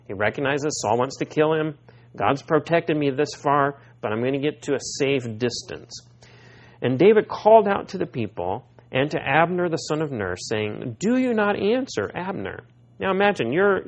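Male preacher, expressive pitch, teaches through scripture, asks questions of the congregation. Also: muffled recording. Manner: asks the listeners questions and reads scripture aloud. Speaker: pastor. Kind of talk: expository Bible sermon.

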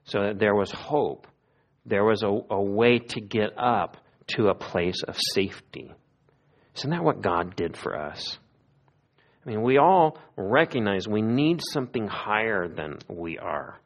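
A male pastor with a lowish voice preaches with earnest conviction. He swells into emphatic pleas, then sinks into hushed, prayerful lows. The recording sounds dull and lo-fi. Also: animated, a little slow. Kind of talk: sermon.

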